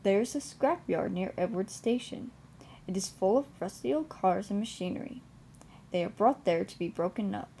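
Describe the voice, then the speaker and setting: A young woman in her twenties calmly narrating a children's storybook. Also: medium pitch, vocal fry, a little hiss or hum. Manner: calm, deliberate reading.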